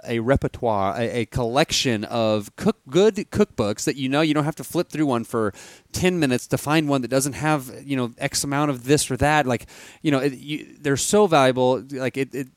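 A man co-hosts a podcast, teasing the guest and rattling off quick, playful remarks. His pitch sits in an ordinary middle range for a man. The recording is dry and close, with no room sound. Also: no echo. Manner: joking and playful, fast bursts of talk. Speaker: podcast co-host. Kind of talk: casual podcast interview.

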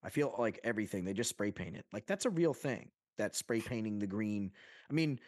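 A man's voice: lowish voice, a little fast, no echo, studio quality. A young man from Long Island co-hosting a casual podcast chat, talking animatedly, swearing and joking. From Long Island, New York. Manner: animated, swearing, jokey with fake accents. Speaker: podcast co-host.

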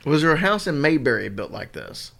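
A man's voice: on the high side, sing-song, fairly quick, gravelly, pushed and bright. A man co-hosting a podcast, telling stories and teasing dryly in casual chat. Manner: dry, teasing storyteller. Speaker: podcast co-host.

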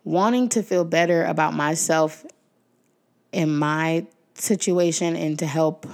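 A woman's voice: low-pitched, fairly even intonation, a little slow. A young woman hosting her own podcast, talking casually and emotionally to her listeners, with many fillers and frequent thanks. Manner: warm-hearted, emotional, many fillers, talks to listeners as y'all. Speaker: podcast host. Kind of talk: casual heartfelt podcast outro.

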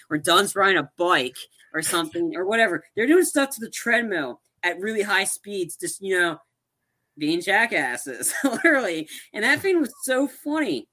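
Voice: mid-range voice, bright, forceful tone. A young adult podcast co-host chatting casually about a movie, rambling with lots of fillers and restarts.

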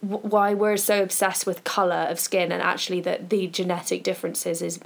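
A woman's voice: lowish voice, little pitch movement, fairly quick, gravelly. A woman co-hosting a podcast, chatting casually and recommending books and podcasts in a conversational, thinking-aloud way. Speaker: podcast co-host.

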